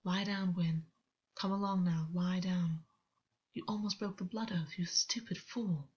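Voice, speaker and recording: A woman voicing a stern, worried male fey king in a whispered role-play, hushed and scolding. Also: on the low side, steady tone, unhurried, slightly rough, lo-fi sound. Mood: urgent.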